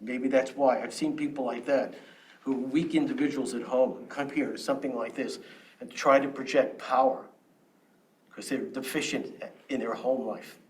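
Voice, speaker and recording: A man's voice: mid-range voice, fairly even intonation, normal speed, a little mellow. A middle-aged man giving a confrontational, lecturing public comment at a township meeting, taunting the board. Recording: distant mic with faint room noise.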